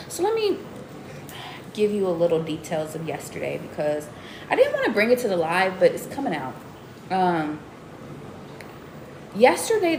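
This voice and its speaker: Animated slangy woman reading tarot live. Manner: animated and slangy, jumps into high excited exclamations. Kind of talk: casual live-stream reading to viewers. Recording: roomy echo with faint background noise.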